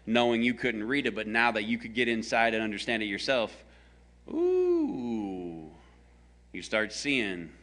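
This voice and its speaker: Bright-voiced, animated preacher man. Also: on the low side. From American South. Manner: animated, storytelling, jokes with the congregation. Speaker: pastor. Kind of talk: conversational sermon.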